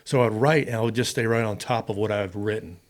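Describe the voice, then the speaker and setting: A middle-aged man from the United States, a retired fighter pilot invited onto a podcast, speaks at a quick pace in a fairly low voice. He casually tells a long personal story in the interview and acts out both sides of the conversation.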